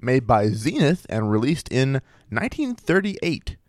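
A man co-hosting a casual podcast, reading out odd stories in a wry, animated way. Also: mid-range voice, a little slow, no echo, studio quality. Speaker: podcast co-host.

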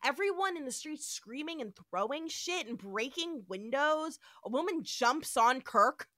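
Animated woman retelling scenes. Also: sits high, measured pace, no echo, studio quality. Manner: animated storytelling, acts out quotes. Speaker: podcast host. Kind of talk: casual podcast recap.

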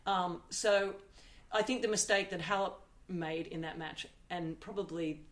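A woman's voice: fairly low pitch, steady tone. A woman co-hosting a casual talk show, a former serve-and-volley player who talks emphatically and jokes easily. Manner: chatty, emphatic, quick to joke. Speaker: podcast co-host. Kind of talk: casual chat.

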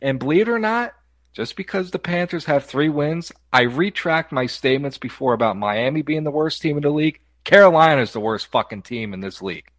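A man vents about a football team with profane, animated outbursts, his pitch jumping around a lot. The recording is dry and close. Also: fairly quick, no room sound. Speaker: podcast co-host. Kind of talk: casual sports betting talk.

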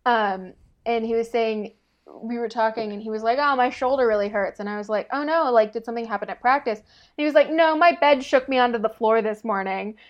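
A woman's voice: on the high side, brisk, dull audio. Rambling, giggly young woman telling stories. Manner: rambling storyteller, laughs often, many fillers. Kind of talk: casual chat.

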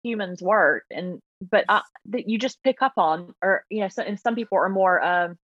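A woman's voice: mid-range voice, moderate pace, no echo. A woman from the Southern United States with a Southern American accent touched by Yorkshire, chatting casually as a guest and acting out what people say to her. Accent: Southern American with some Yorkshire. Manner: chatty, quotes people in put-on voices. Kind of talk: casual video-call chat. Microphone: video call. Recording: dull, dry video-call audio.

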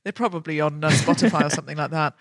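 A woman's voice: low voice, very fast, no echo, clean studio sound. A woman hosting a live comedy podcast, telling a rambling self-mocking story in casual chat. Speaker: podcast host. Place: live show on stage.

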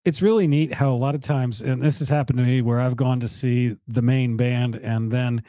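A man's voice: medium pitch, fairly even intonation, moderate pace, warm tone, no room sound. A man interviewing a band member, asking questions in a friendly, conversational way.

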